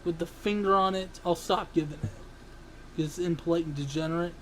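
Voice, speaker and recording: A sports vlogger ranting angrily, swearing and breaking into sudden yells, then apologizing for them. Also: medium pitch, brisk, a little hiss or hum, rough recording. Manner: ranting, swearing, bursts into yelling; self-interrupting, apologizes for yelling. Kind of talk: angry sports rant.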